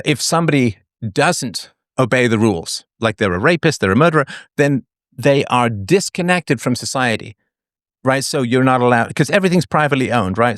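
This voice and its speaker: A man hosting a debate, explaining his views in a lively, argumentative way. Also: lowish voice, no echo, clean studio sound. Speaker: debate host.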